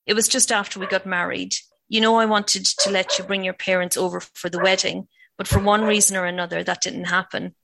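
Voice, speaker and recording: A woman's voice: mid-range voice, level tone, brisk, gravelly, noisy background, natural voice. A woman reading the lines of an earnest young husband trying to make peace. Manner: reasoning, conciliatory.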